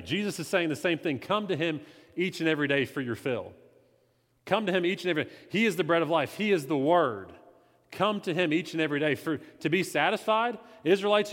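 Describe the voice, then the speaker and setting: A man, not the pastor, teaching his church in a conversational, animated way, swinging between loud emphasis and quiet confession. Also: on the high side. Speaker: lay preacher. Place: church sanctuary. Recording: reverberant hall.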